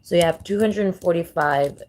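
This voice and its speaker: A woman hosting a casual vlog, rambling and thinking out loud as she fumbles through numbers. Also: fairly low pitch, normal speed. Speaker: channel host.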